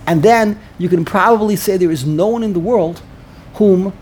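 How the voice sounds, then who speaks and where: A man's voice: high voice, moderate pace, a little mellow, a little hiss or hum. A man in a casual study discussion, explaining points and often repeating words as he thinks them through. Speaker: Torah study participant.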